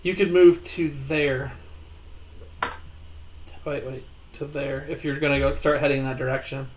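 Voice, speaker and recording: A man running a tabletop game as game master, relaxed and joking while he walks the players through the rules. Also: mid-range voice, normal speed, slight background noise.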